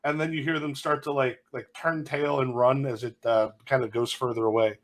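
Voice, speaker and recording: A man's voice: medium pitch, flat delivery, a little fast. A man playing an improvised story game, telling his part playfully with fillers. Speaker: player.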